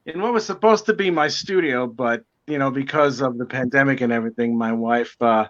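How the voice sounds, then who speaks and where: A man's voice: medium pitch, fairly quick, fairly bright tone. A man with a New York accent chatting casually on a video call, joking, swearing and rambling. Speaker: guest artist. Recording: dull lo-fi video call audio.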